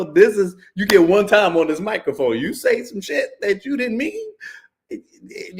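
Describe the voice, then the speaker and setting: A man hosting a podcast, talking frankly and casually, with lots of slang and cursing, often checking in with "you know" and "right?". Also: medium pitch. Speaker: podcast host.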